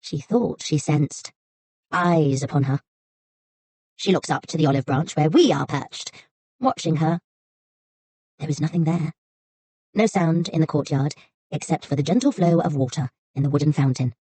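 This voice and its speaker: Low, husky woman narrating an audiobook. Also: normal speed, long pauses, mellow, dry recording.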